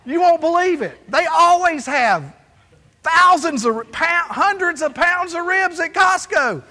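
High, bright preacher in a hall. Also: male voice, unhurried. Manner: storytelling, animated, acts out dialogue. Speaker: pastor. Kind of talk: sermon. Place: church sanctuary. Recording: long hall reverb.

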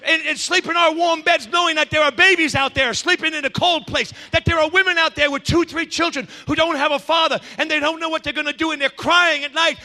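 A man preaching a sermon as pastor, swinging between shouted passion and hushed intensity. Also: very high voice, in a large hall.

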